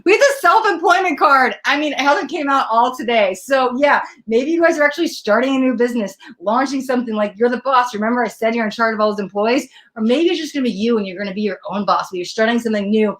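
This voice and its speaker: A woman with a slightly high voice runs a live tarot reading, chatting casually with viewers as she pulls cards. She gets excitable and gushing, laughing easily, and her voice comes through a laptop's built-in mic. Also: fast talker, hardly any pauses. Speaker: tarot reader.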